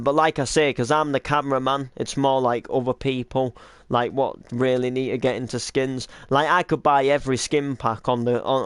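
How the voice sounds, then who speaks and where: A man who creates and films a game roleplay series chats casually, rambling with lots of hesitations and restarts. His medium-pitched voice is smooth, recorded cleanly in a studio with no echo.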